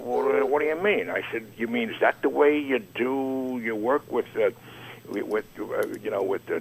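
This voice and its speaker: An older man telling an anecdote in an interview, acting out the quoted dialogue with lively voice shifts. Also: fairly low pitch, slight background noise, poor audio. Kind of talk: anecdotal storytelling.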